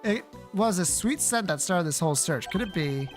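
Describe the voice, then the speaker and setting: A woman voicing a haughty, refined male prosecutor in a formal, measured way, reading game dialogue aloud. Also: fairly low pitch, animated, faint music behind, lightly acted. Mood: composed.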